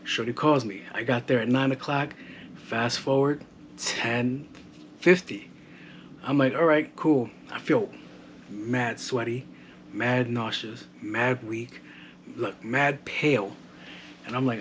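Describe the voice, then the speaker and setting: A man's voice: mid-range voice, slow, long pauses, fairly bright tone. Casual man talking, faint home noise. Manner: loose, joking, swears freely. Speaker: podcast host. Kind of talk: casual solo podcast chat. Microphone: modded home microphone. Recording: faint household background noise. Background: household background noise.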